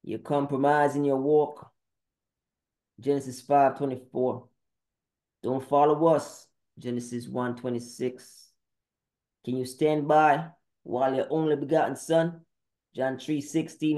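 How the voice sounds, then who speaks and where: A man's voice: medium pitch, fairly even intonation, unhurried, dark tone. A man preaching a sermon monologue, firing off terse Bible verse citations in a confrontational way. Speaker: podcast preacher. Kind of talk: scripture-citing sermon monologue.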